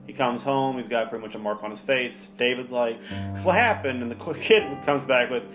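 A man's voice: mid-range voice, fairly quick, music in the background. Profane laughing man recapping a film. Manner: profane, laughing, retells scenes acting out lines. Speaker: podcast co-host. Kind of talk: casual movie review chat.

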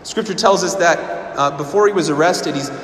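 A man delivering a sermon in a fairly high voice, earnest and searching, often doubling back on his words. The sound carries the long reverb of a big hall, with a faint hum of room ambience behind him. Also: fairly quick, a bit bright. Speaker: pastor.

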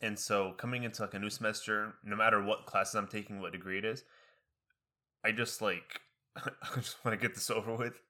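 A young man and college student chatting casually, rambling with many fillers and slipping into high impressions of other people. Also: fairly even intonation, sharp tone. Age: young adult. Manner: quick, many fillers and restarts. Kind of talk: casual chat.

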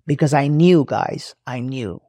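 A podcast host tells a personal story as a motivational monologue, emphatic and preachy, repeating phrases for effect. His medium-pitched voice is mellow and unhurried, recorded clean in a studio with no echo.

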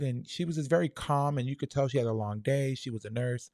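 A young man telling a personal childhood story in a soft, halting, reflective way, full of fillers. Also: mid-range voice.

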